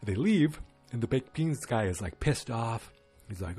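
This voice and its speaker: A man's voice: mid-range voice, animated, unhurried, dark tone, breathy edge, soft background music. A man hosting a podcast, recapping a TV episode alone in a loose, chatty way with many restarts. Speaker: podcast host. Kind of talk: casual solo episode recap.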